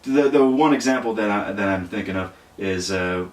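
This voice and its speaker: Give me a halting, deadpan male guest on a podcast. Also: fairly low pitch, recorded from a distance. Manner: halting, dry deadpan humor. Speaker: guest co-host. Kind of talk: casual chat. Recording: roomy and off-mic.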